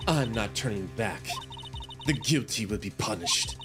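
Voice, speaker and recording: A proud, hard-edged woman witness who speaks in a low, hushed and deliberate voice, as a man puts her on. Her tone stays cold and measured over game music. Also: animated. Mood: cold, defiant.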